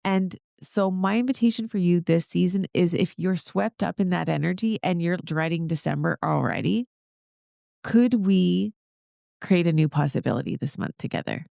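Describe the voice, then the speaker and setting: Woman podcast host, solo talk, upbeat and encouraging, slight vocal fry, dry close sound. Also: lowish voice, animated, moderate pace, warm tone, no echo. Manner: upbeat, encouraging, talks straight to listeners.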